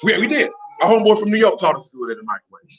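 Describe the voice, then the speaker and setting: A man preaching a sermon in street slang, talking animatedly and breaking into shouts. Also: sits high, very animated, very fast, husky. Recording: dull lo-fi recording.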